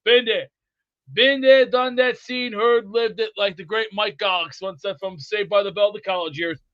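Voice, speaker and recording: A man hosting a rowdy sports call-in show, loud and goofy, often breaking into whooping yells. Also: sits high, fairly even intonation, normal speed, no room sound, lo-fi sound. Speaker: sports talk show host.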